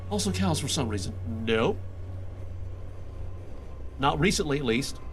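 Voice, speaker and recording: A man voicing a grim male reaper who speaks in slow, ominous pronouncements with deadpan humor, in a game quest fan voice-over. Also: a little high, soft background music, voice pushed down. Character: grim male reaper, solemn and dryly wry.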